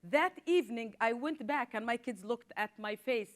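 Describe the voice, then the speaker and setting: Panelist, woman, forties, from southern Israel; earnest and urgent, somewhat high voice, repeats words as she presses on. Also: animated, moderate pace. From southern Israel (Negev). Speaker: panelist, social worker. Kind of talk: impassioned panel talk.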